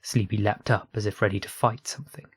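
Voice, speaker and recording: A man narrating a science fiction story aloud in a steady, unhurried reading voice. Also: on the low side, husky, dry recording. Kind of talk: audiobook reading of online fiction.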